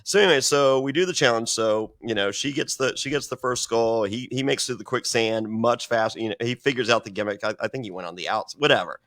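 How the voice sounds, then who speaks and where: A man's voice: mid-range voice, quick pace, few pauses, a bit bright. A man telling a story on a podcast, rambling and swearing, acting out other people's lines as he goes. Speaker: guest telling stories.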